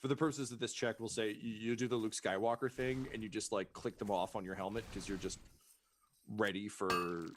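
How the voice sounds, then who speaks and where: A man's voice: lowish voice, steady tone, brisk. A man running a tabletop role-playing game as game master, casual and profane, with many fillers. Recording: noisy stream mix.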